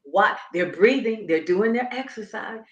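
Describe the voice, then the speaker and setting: A woman who coaches Pilates and breathing explains things emphatically in a conversational interview, instructing and demonstrating as she goes. Her medium-pitched voice has lively intonation and an unhurried pace. The recording is muffled and echoey.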